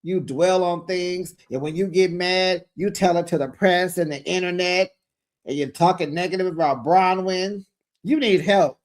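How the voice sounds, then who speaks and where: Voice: medium pitch, moderate pace, pitched above the performer's own voice, close to an everyday voice. A host playing a blunt reality-TV woman. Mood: lecturing. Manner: blunt, listing grievances.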